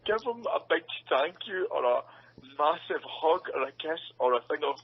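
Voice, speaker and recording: A man's voice: a little high, lively intonation, moderate pace, slightly rough. A young man who is an actor, chatting casually in an interview, laughing often and acting out quotes. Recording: dull lo-fi sound.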